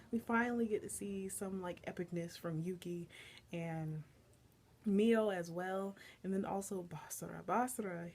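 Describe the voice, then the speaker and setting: A woman with a fairly low voice chats eagerly through an episode recap, full of casual filler words. Her delivery is loose and conversational, like a fan talking to her followers. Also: a little mellow, a little hiss or hum. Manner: enthusiastic, chatty, filler-heavy. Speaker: anime reviewer.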